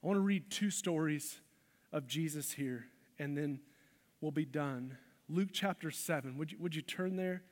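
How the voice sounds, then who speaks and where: A man's voice: fairly high pitch, moderate pace. A male pastor preaching a sermon in a church, passionate with emphatic outbursts. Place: church sanctuary. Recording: long reverb of a large hall.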